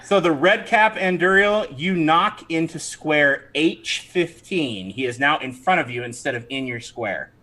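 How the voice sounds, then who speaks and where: Man game master, bright tone, slightly high, animated, quick self-corrections. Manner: animated, laughing, stops to correct himself. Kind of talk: narrating a tabletop game livestream.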